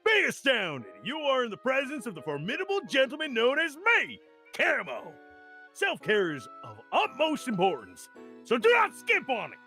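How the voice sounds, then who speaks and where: A man putting on a pompous gentleman rat. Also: very high voice, huge pitch swings, moderate pace, faint music behind, pitched above the performer's own voice, heavily acted. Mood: grandiose. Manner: grandiose, theatrical declarations. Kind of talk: voice demo for an audition.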